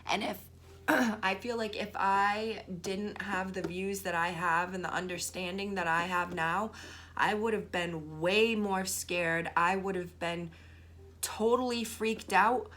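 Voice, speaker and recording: A young woman with a Boston accent speaks in a loose, candid vlog style, cursing freely and circling back with "like." Her pitch sits in an ordinary middle range for a woman, and the talk runs as unscripted storytelling. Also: steady tone, slow, a bit bright. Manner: candid, swears freely, rambling with many "like"s. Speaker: tarot reader.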